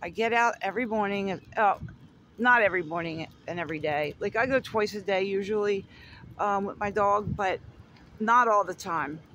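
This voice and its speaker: A high-voiced man from Florida rambles cheerfully to a handheld camera as he rides down neighborhood streets outdoors. He giggles often and keeps talking to his dog. Loud outdoor noise, passing traffic and birds sit underneath his voice. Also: moderate pace. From Florida, USA. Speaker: artist vlogger. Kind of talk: casual chat while riding around. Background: outdoor ambience, vehicles, birds.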